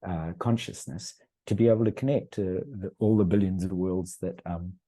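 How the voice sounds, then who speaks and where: Husky, very dark-voiced man. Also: deep voice, steady tone, moderate pace. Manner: earnest, rambling, with frequent restarts. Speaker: podcast guest. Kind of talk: casual conversational storytelling.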